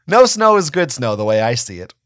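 A man giving a dramatic reading of a first-person story, expressive and wry. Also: mid-range voice, brisk, dry recording, clean studio sound. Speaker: reader of a fan story.

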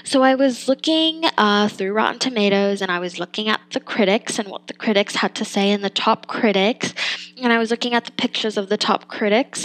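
A woman's voice: mid-range voice, brisk, a bit bright, poor audio. A young adult woman hosting a podcast, giving a casual spoken film review, chatty and thinking aloud, laughing and trailing off between points.

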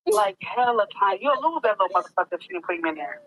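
A woman's voice: mid-range voice, very animated, racing, a bit bright. A woman host telling a crude, joking story in casual chat. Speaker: podcast host. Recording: dull lo-fi audio with faint noise.

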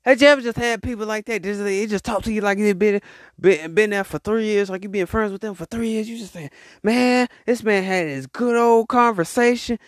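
A man's voice: high-pitched, steady tone, fast talker, no echo, clean studio sound. A man hosting a podcast, talking in a casual, rambling motivational monologue and acting out the voices he quotes. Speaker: podcast host.

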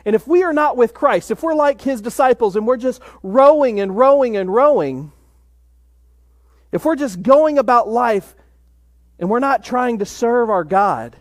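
A man preaching a sermon in a measured way, dropping to a hush for emphasis. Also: high voice, no echo, clean studio sound. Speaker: pastor.

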